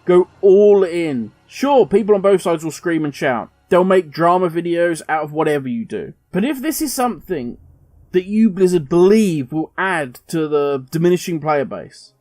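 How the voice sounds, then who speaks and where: Impassioned high-voiced male game commentator. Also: no echo. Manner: impassioned, animated. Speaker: gaming video host. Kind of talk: opinion commentary.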